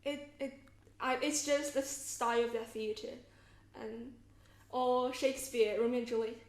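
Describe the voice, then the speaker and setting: A young woman with a light British-Australian tinge to her accent, chatting as a podcast guest, halting with fillers and restarts. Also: on the high side, fairly even intonation, echoey room. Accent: mixed British and Australian tinge. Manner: hesitant, many fillers and restarts. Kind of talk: casual podcast interview.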